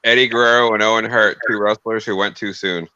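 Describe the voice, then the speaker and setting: A man's voice: fairly low pitch, fairly even intonation, fairly quick, sharp tone, clear, resonant tone, dry recording, highs cut off. A man co-hosting a casual podcast chat, giving short, blunt opinions.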